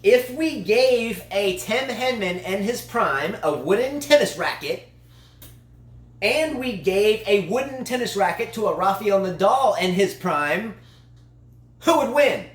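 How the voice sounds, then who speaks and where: A man's voice: high voice, lively intonation, a little slow. Chatty man in echoey room. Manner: long-winded, playful storyteller. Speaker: tennis channel co-host. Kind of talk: casual chat, question-and-answer show.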